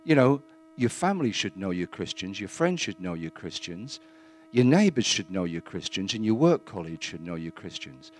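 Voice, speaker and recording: A man giving a plain-spoken, earnest testimony in church, halting now and then with fillers. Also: low voice, big pitch swings, a little hiss or hum.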